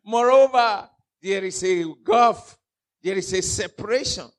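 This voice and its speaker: A man voicing Lazarus, a poor beggar in heaven, answering in drawn-out, shouted declamation. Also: high voice. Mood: sorrowful, firm.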